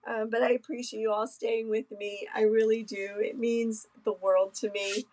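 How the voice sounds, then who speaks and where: A woman hosting a craft live stream, chatting casually and emotionally with many pauses and soft laughs. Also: a little high, sing-song, rough recording. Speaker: craft livestream host.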